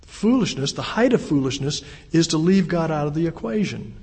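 Man, preacher, high voice, long hall echo, earnest sermon. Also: animated, normal speed, a little mellow, breathy edge. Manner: earnest, repeats words, acts out quoted voices. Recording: long reverb.

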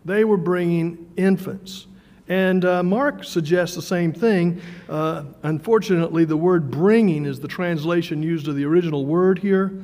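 A man with a high voice preaches a sermon in a relaxed, conversational way, often stumbling over his words and repeating them. He slows down to make a point. His voice rings with a long reverb, as in a church hall. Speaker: pastor.

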